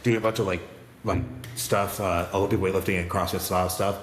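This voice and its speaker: A man with a fairly low voice tells stories in a casual podcast, animated and rambling, breaking off and restarting. The sound is echoey, with a long reverb tail and a faint background hiss. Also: fairly quick. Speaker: podcast co-host.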